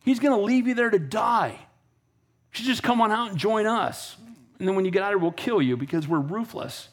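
A preacher putting on a boastful, mocking enemy herald. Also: male voice, high-pitched, expressive, normal speed. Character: arrogant taunting male enemy messenger.

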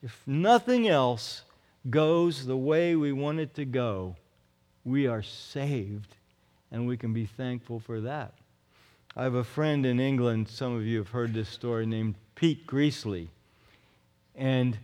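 A man's voice: mid-range voice, darkish tone. A male pastor preaching a sermon in an earnest, emphatic way, often repeating his phrases. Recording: long reverb of a large hall.

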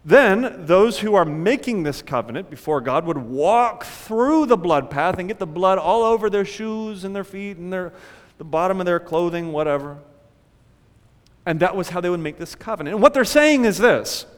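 Animated high-voiced preacher man, reverberant hall. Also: normal speed. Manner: animated preaching, acts out panicked prayers. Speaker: pastor. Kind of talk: sermon.

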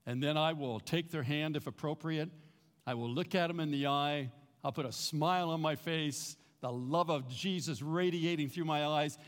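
A man preaching a sermon, telling stories with animation and leading the congregation to repeat greetings after him. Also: a little high. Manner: animated storytelling, leads the congregation in repeating phrases. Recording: reverberant hall.

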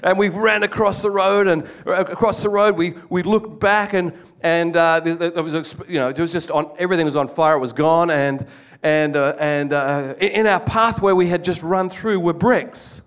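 A man's voice: fairly high pitch, moderate pace, clean tone. Earnest man telling his testimony. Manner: earnest storytelling with frequent restarts and repeated words. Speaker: guest speaker giving testimony. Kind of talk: testimony sermon to a congregation.

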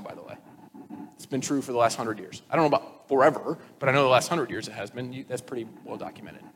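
Man preaching in a reverberant hall. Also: medium pitch. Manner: conversational, animated storytelling with acted quotes. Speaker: pastor. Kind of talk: sermon. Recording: long reverb with faint noise.

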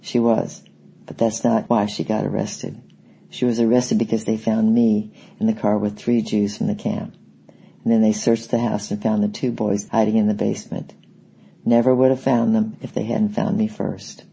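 A man reading the part of a weak, gentle young woman prisoner who speaks softly and kindly. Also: lowish voice, moderate pace, gravelly, husky, heavily acted, low-quality recording. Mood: explaining. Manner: soft, kind, flat.

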